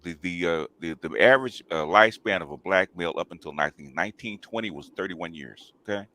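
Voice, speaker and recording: A male host speaks in a casual talk show manner with a deep, low voice. He makes his points emphatically and keeps pausing to check in with his listeners. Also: sharp tone. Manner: emphatic, repeats "okay?" and "right?".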